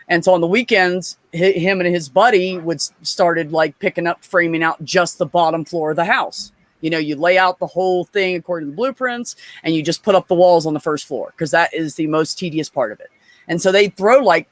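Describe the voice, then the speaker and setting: A woman telling profane, animated stories in a casual chat as a guest. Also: low-pitched, no echo.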